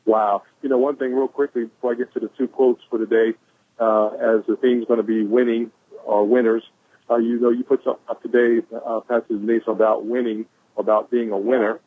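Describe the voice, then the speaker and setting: A man giving an energetic motivational talk on a conference call, repeating "ladies and gentlemen" and whooping. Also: medium pitch, brisk. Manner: exuberant, shouts "woo", repeats "ladies and gentlemen". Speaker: caller sharing quotes. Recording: phone-line conference call.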